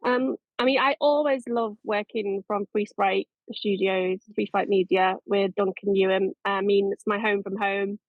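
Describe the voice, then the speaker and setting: A woman's voice: medium pitch, steady tone, measured pace, hardly any pauses, no echo. A middle-aged woman, a makeup and effects artist, chatting in an interview in a rambling way with many restarts. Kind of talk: casual interview chat. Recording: dry, tinny phone-like line.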